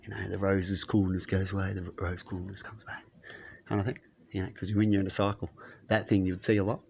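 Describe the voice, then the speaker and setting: A man's voice: low-pitched, flat delivery, fairly quick, gravelly, darkish tone, slight background noise. A man vlogging in a casual, rambling monologue, musing aloud and asking rhetorical questions.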